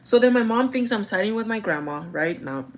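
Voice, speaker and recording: A woman's voice: mid-range voice, expressive, a little fast. A woman in her thirties telling a story in casual chat, rambling with lots of "like" and "you know". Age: 30s. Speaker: vlogger.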